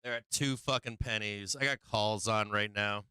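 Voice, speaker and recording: A man on a live trading stream, frustrated and cursing as he talks through his losses, now and then laughing at himself. His voice is bright and very clear, and the sound is dry and close with no room echo. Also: on the low side, steady tone, normal speed.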